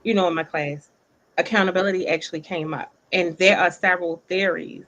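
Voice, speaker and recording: A woman's voice: lowish voice, fairly even intonation, a little fast, a bit bright, slight background noise. A woman co-hosting a casual chat, making her points thoughtfully and step by step. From the Bronx, New York. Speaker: co-host. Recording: dull lo-fi sound.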